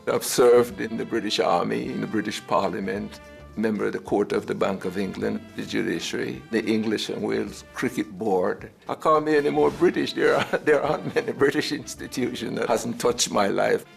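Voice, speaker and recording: A man's voice: fairly low pitch, fairly even intonation, normal speed, creaky, faint music behind. A man giving a documentary interview, self-assured and chuckling as he speaks.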